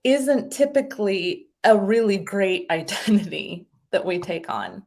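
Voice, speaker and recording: A woman of middling pitch explains her ideas in a loose, conversational way. She is animated and keeps slipping into little acted-out voices as she tells stories. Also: measured pace. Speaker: guest speaker explaining identity.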